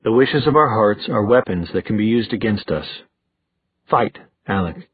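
A man reading a vain, wry male warlock with a dry, low, languid delivery, in a tinny recording. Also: expressive, moderate pace, slightly rough. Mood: tender.

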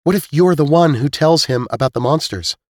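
A male narrator voicing an eager, quick-thinking young woman in a storybook reading. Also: fairly high pitch, animated, darkish tone, no echo, clean studio sound, voice pushed up.

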